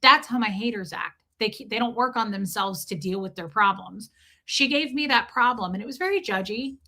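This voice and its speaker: Woman livestream host, bright voice, candid rambling chat, swearing, greets viewers. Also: mid-range voice, moderate pace. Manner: reads out viewer names.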